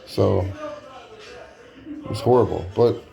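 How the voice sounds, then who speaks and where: A man's voice: fairly low pitch, slow pace, gravelly, warm tone, faint music behind. Man rambling through a funny story. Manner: rambling, filler-heavy and profane. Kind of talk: casual comic storytelling.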